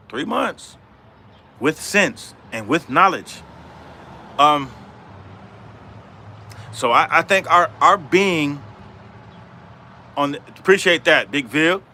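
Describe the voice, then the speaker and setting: Bright-voiced man rambling on a livestream. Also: medium pitch, slight background noise. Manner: rambling, repetitive, greets chat viewers. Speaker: livestream host. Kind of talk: casual livestream talk. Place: outdoors in middle Georgia.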